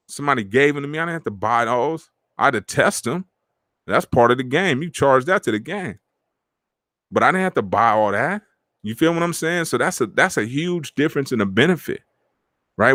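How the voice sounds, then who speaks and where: A middle-aged man hosting a podcast, talking in animated street slang and acting out the friends he quotes. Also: medium pitch, fairly quick, dry recording. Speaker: podcast host. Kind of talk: casual motivational talk.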